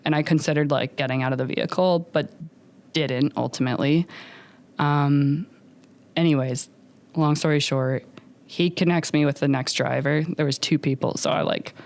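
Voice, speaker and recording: A young adult woman, a podcast guest, telling her story in an animated, filler-heavy way and acting out what others said. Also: deep voice, normal speed, creaky. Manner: animated, many fillers, acts out others' lines. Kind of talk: storytelling in a conversational interview.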